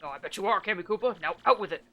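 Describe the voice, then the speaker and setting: A woman voicing a grumpy, bossy male monster king while reading game dialogue aloud, dropping her voice low and gruff. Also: lively intonation, rapid-fire, highs cut off, soft background music, natural voice.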